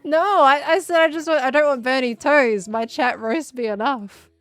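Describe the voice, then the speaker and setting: A woman's voice: high-pitched, moderate pace, fairly bright tone, dry recording. A woman with an Australian accent chatting casually with a friend while gaming, playful and laughing often. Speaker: streamer.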